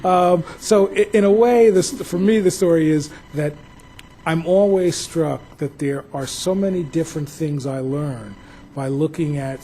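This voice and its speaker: A man's voice: on the high side, dark tone, a little hiss or hum, low-quality recording. A man from New Jersey, a museum director, giving a public talk full of anecdotal, reflective storytelling.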